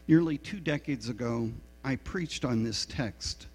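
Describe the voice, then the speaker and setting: A man's voice: medium pitch, measured pace, breathy edge. A middle-aged man preaching a sermon as a pastor, telling a story in a frank, self-deprecating way. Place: church sanctuary. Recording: reverberant hall with mains hum.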